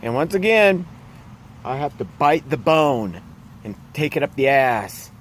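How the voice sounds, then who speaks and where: A man's voice: mid-range voice, big pitch swings, unhurried, a little hiss or hum. A man ranting in a casual vlog, blunt and profane, rambling through his complaints. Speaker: vlogger.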